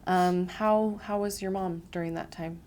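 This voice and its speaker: A woman's voice: on the low side, steady tone, unhurried, darkish tone. Chatty, empathetic woman podcast host. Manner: chatty and empathetic, with many fillers and run-on sentences. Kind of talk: casual interview conversation.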